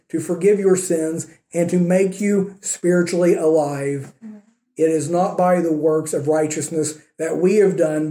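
A male pastor preaching in a sermon, his voice high for a man and mellow in tone. He speaks earnestly and builds with rhetorical questions and repeated phrases, and the sound carries a roomy echo.

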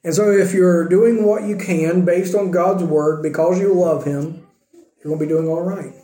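A man's voice: high-pitched, fairly even intonation, moderate pace, mellow, echoey room, rough recording. A man preaching a conversational sermon as pastor, using rhetorical questions. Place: church sanctuary.

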